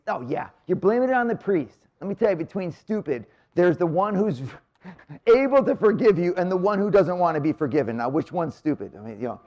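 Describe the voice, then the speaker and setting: High-voiced energetic male priest preaching. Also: a little fast. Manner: energetic, conversational preacher with sudden drops to quiet. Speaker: priest giving a marriage retreat talk. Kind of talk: live retreat talk. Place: church room near the Blessed Sacrament.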